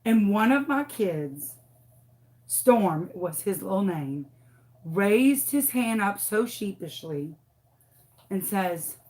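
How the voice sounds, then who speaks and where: A woman's voice: mid-range voice, takes it slowly, pauses often. A woman in her thirties, a former teacher telling a dramatic story casually during a craft tutorial. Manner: animated, dramatic, acts out what people said.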